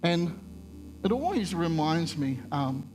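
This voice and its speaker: Here the man's voice sits on the high side and moves slowly, with a little hiss or hum in the recording. He's a pastor preaching in a casual, self-mocking way about something that happened to him, becoming lively as he acts out conversations.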